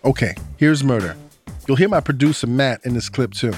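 A man's voice: medium pitch, expressive, a little fast, faint music behind. A man with a New York accent, hosting a podcast with laid-back, slangy scripted narration. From Brooklyn, New York. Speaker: podcast host.

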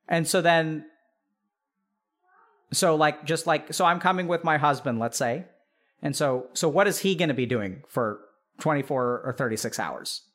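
High-voiced man giving animated advice. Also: normal speed. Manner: animated, acts out imagined family members mid-sentence; frequent fillers "like" and "right?". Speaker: podcast host giving advice. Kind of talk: casual advice monologue.

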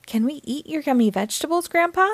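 A woman voicing an excitable little girl piglet in a storybook, with a high, eager, pleading voice. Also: quick pace, no room sound.

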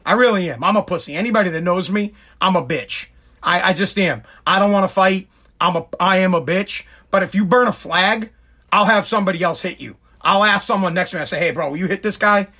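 A man's voice: sits high, fairly quick, bright, forceful tone. A man giving a sarcastic political rant to camera, mocking people by putting on exaggerated voices.

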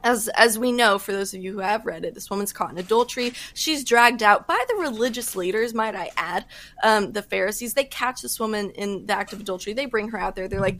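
A woman speaking as a podcast guest, giving earnest faith testimony in casual talk with quick bursts and fillers. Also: medium pitch, fairly bright tone. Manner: earnest, fast-talking with fillers.

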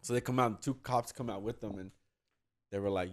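Fast-talking young man telling a rambling story. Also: on the low side, steady tone. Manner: rambling, lots of fillers and swearing. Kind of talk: casual storytelling chat.

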